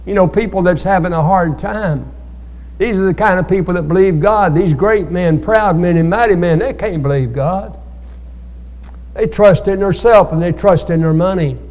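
At a Bible study in a church hall, a male pastor preaches a sermon and calls on the congregation for amens in call-and-response style. His high voice has a darkish tone and a moderate pace, and the hall sounds echoey.

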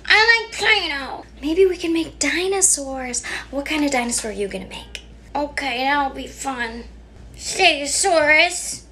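A young woman modeling speech for toddlers, with slow, exaggerated, sing-song baby talk. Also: high-pitched, slight background noise. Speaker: children's educator.

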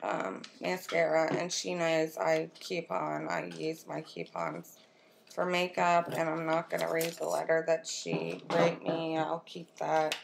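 Slow, gravelly-voiced woman gushing over makeup. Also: sits low, a little hiss or hum. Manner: gushing, excitable, talks to her viewers and her friend. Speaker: makeup vlogger opening a swap box. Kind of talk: casual unboxing chat. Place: at home, with her children nearby.

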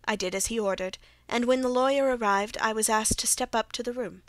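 A woman reads a classic mystery audiobook aloud in a measured, even manner. Her voice sits a little high, and the recording is dry and close with no room sound. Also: no room sound. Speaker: audiobook reader. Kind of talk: scripted narration.

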